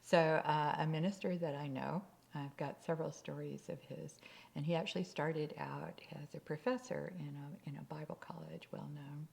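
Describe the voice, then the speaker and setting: A woman tells a story as part of a sermon in a low, conversational voice with a gravelly edge. She often sinks to a near-whisper for emphasis. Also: fairly even intonation, normal speed, a little mellow.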